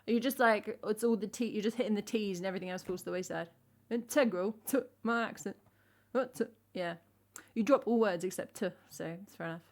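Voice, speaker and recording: Talking fairly quickly in a mid-range, darkish voice, a thirty-something singer-songwriter from England rambles to her music livestream viewers with self-mocking humor. She drops her T's in an English accent.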